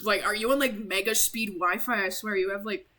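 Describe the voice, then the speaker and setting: A woman's voice: medium pitch, steady tone, a little fast, sharp tone, rough recording. A young woman casually commenting while streaming a game, rambling and apologetic, with lots of "like". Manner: chatty, rambling, heavy use of "like", apologetic.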